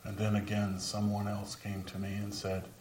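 Before a live audience in a large room, a man performs a first-person dramatic monologue as the apostle Peter, earnestly remorseful over his denial and dropping to whispers in moments of grief. His lowish voice is monotone, moderately paced, a little mellow, and lightly acted. A distant mic gives roomy sound with a little hiss or hum.

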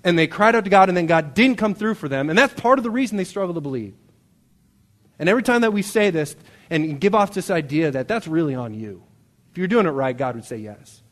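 A man preaching a sermon to a congregation in a conversational, animated way, often checking in with "right?". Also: sits high, fairly quick. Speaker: pastor. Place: church hall before a congregation.

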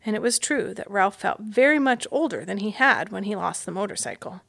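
Woman, children's book reading, measured storytelling, gravelly edge, dry room. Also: mid-range voice, expressive, a bit bright, dry recording. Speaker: guest mystery reader.

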